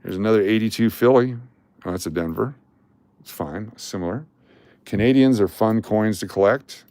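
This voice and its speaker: A man's voice: lowish voice, moderate pace, mellow, no room sound. An older man streaming live, chatting casually and joking while he sorts coins and calls out their dates. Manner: chatty and jokey, calling out coin dates and mint marks. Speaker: coin collecting live streamer.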